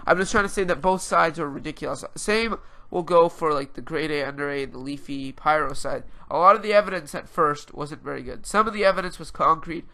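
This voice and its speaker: A man's voice: on the high side, fairly quick, sharp tone. A man with a stuffed-up nose hosting a podcast, ranting in an exasperated, rambling way about online drama. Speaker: podcast host. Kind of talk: casual ranting commentary.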